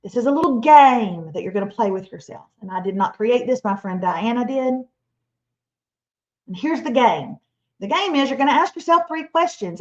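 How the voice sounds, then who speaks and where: A woman, giving a lively, playful motivational Christian talk as a webinar speaker. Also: on the high side. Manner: animated, playful, acts out imagined listeners and quotes. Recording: slightly dull, lo-fi webinar audio.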